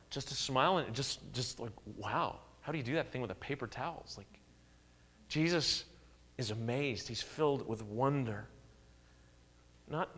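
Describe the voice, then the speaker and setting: A man preaching a sermon, his delivery swinging widely in pitch and loudness as he acts out quotes. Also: big-room sound. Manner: animated preaching with dramatic swings in pitch and volume, acted-out quotes. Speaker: pastor.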